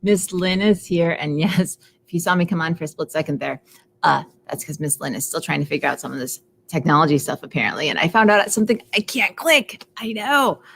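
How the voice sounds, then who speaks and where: A middle-aged woman librarian leading a live storytime for young children in a library storytime room, speaking in an animated sing-song way and greeting children by name. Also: low-pitched, brisk, creaky, husky.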